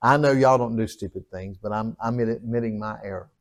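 A man preaching a sermon as pastor, folksy and animated, often chuckling and asking the congregation for an amen. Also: fairly low pitch, brisk.

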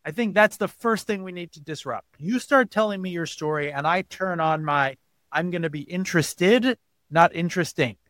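A man's voice: high voice, normal speed, a bit bright, no room sound. A man as an interview guest, explaining at length and acting out quoted voices as he tells stories. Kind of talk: podcast interview.

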